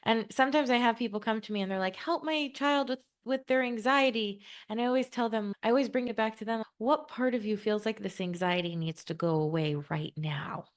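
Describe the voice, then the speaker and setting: A woman's voice: medium pitch, steady tone, quick pace, hardly any pauses. A woman co-hosting a podcast who works with parents, talking in an earnest, thoughtful way in long flowing sentences. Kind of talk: reflective conversational podcast talk.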